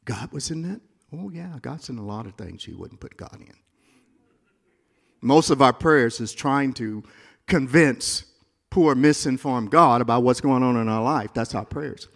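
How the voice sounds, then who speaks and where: A male pastor preaching a sermon in a church, moving between quiet, confiding asides and loud, rising climaxes. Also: medium pitch, unhurried, vocal fry, long reverb tail.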